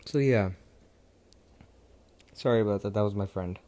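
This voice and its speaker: A young man with a fairly low, warm voice casually retells a story about a fan at a normal speed. He rambles, swears, and keeps cutting himself off.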